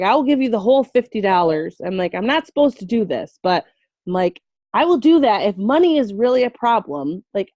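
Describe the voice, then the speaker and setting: A woman's voice: mid-range voice, no echo. Chatty woman on a dull video call. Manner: chatty, animated quoting of herself and her friend. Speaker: essential oils seller. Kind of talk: casual storytelling on a video call.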